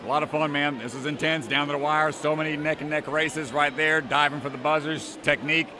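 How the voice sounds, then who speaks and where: A man giving energetic live sports commentary and interviewing an athlete. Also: a little high, brisk, background noise. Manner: energetic, hype.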